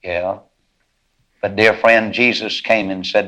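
A man preaching a sermon, telling a folksy story and acting out its voices, then rising into high, loud, drawn-out climaxes. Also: steady tone, rough recording.

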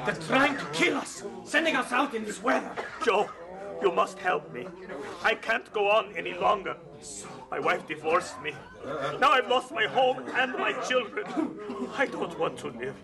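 A desperate, pleading prisoner. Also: male voice, high-pitched, expressive, normal speed, creaky, crowd noise. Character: despairing male prisoner in labor camp. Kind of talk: radio drama acting.

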